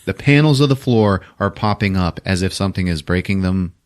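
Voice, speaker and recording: A man hosting a podcast, retelling a movie plot in a loose, profane, animated way and laughing at his own jokes. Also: low-pitched, a little fast. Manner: profane, animated retelling with sudden character voices. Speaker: podcast host. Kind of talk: casual movie recap.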